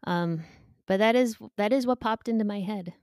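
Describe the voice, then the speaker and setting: A woman in her forties, a podcast guest, talking candidly and emotionally with pauses and restarts. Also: mid-range voice, a little mellow, dry recording, studio quality. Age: 40s. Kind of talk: candid interview talk.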